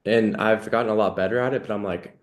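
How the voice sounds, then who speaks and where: A man with a somewhat low voice hosts a casual podcast conversation. He talks in an earnest, reflective way and fills his sentences with "you know" and "like". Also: steady tone, fast talker. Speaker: podcast host.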